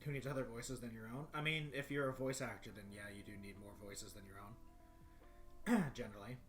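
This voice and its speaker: A man with a deep voice chatting casually on a livestream, rambling and often clearing his throat. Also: steady tone, brisk, faint music behind. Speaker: streamer. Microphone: desktop microphone.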